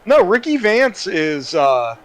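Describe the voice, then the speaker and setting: A man's voice: high voice, sing-song, slow pace, low-quality recording. A young adult man co-hosting a live stream, trading dry, teasing banter. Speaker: stream co-host and moderator. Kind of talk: casual live-stream chat.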